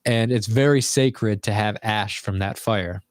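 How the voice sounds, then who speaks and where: Low-voiced man telling a casual story. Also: measured pace, no room sound, clean studio sound. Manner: rambling, loose, swears casually. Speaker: vlogger. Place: his bedroom.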